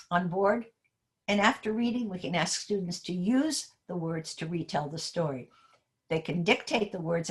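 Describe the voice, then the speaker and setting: A woman giving a teacher training talk, animated and asking many questions. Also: lowish voice.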